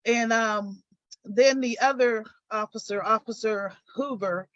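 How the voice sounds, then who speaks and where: An older woman with a fairly high voice recounts her story on a live stream, turning animated when she retells arguments. The sound is dry and dull, like lo-fi stream audio. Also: slow, no room sound. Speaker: guest.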